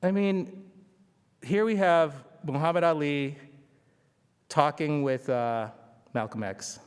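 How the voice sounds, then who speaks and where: Speaking slowly in a clean voice on the high side, a symposium speaker delivers a conversational history lecture. He often puts rhetorical questions to his listeners, his words trailing into long hall reverb.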